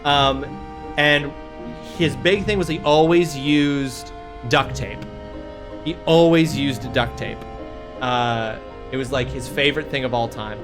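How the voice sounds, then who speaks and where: A man's voice: medium pitch, slow. Joking streamer guy over game music. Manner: joking banter with chat, swearing, rambling asides. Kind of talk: casual live-stream chat while gaming.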